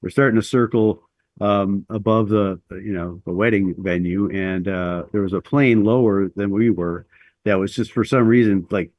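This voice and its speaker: A man's voice: on the low side, steady tone, normal speed, no room sound, dull audio. A middle-aged man telling a long personal story as an interview guest, rambling and self-deprecating with lots of fillers.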